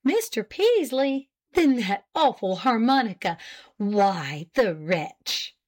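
A woman's voice: on the high side, takes it slowly, heavily acted. A woman voicing a spirited young schoolteacher who speaks emphatically in a storybook reading. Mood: excited. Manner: emphatic, animated.

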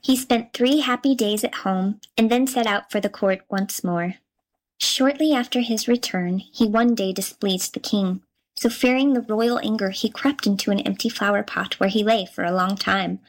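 Female storybook narrator, mid pitch, measured and gently expressive telling. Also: low-quality recording. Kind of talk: storybook reading.

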